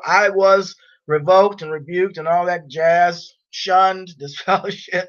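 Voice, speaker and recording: Irritated, blunt high-voiced man. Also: fairly even intonation, slow, a bit bright. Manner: blunt and irritated, reads viewer comments aloud. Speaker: live streamer. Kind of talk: casual live stream chat. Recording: dull lo-fi stream audio.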